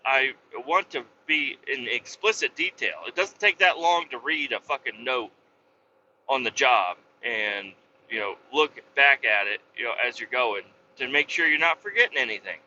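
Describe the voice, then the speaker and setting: Filming a vlog inside his truck cab, a male trucker swaps road stories in a loose, animated style full of swearing. He speaks at normal speed with a medium pitch, over slight background noise and a dull, lo-fi audio quality.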